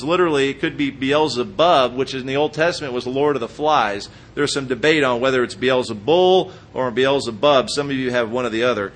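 A man preaching a sermon, walking the congregation through Bible passages with lively asides and acted-out quotes. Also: mid-range voice, fairly quick, few pauses. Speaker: pastor.

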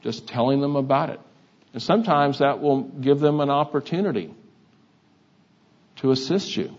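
Older male preacher, unhurried and halting, muffled lo-fi recording. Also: medium pitch, animated. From Texas. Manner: halting, many uh fillers, conversational. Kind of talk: sermon. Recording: dull lo-fi sound.

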